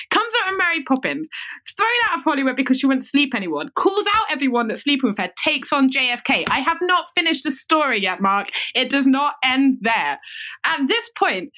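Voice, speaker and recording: A woman, a podcast guest telling a story in an animated way, laughing and swearing freely. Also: sits high. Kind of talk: casual storytelling chat.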